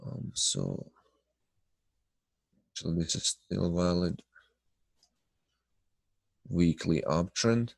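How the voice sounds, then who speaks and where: A man's voice: low voice, very animated, very slow, vocal fry, pauses often, dry recording. A man hosting a live trading webinar, talking loosely with many fillers and sounding nasal from blocked sinuses. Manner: loose, filler-heavy talk, answering viewers by name. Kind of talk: live webinar chat and chart analysis.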